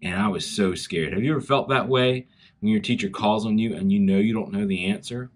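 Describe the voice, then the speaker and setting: A man with a Southern US accent, from South Carolina, giving a chapel talk to schoolchildren and telling a story in an animated way straight to the kids. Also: lowish voice, brisk. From South Carolina, USA. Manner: animated storytelling, speaks directly to children.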